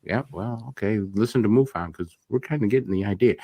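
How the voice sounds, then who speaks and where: A man's voice: lowish voice, a little fast, no echo, lo-fi sound. A man co-hosting a radio show, chatting casually and reading news with folksy joking asides.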